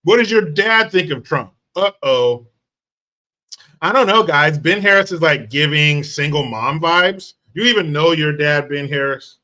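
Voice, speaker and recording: A man's voice: a little high, unhurried, bright, forceful tone. Brash, mocking male streamer. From United States. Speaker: livestream host. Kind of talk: live chat commentary.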